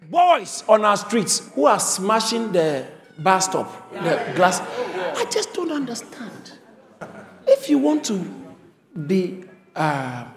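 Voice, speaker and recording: High-voiced man preaching in an echoing hall. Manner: emphatic, repeats phrases for stress. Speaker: pastor. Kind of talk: sermon. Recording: reverberant hall.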